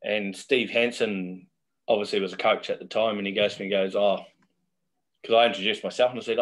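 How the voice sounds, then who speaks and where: A man's voice: fairly low pitch, fairly even intonation, fairly quick, a bit bright. A middle-aged man, a guest telling chatty, laughing anecdotes in a casual interview.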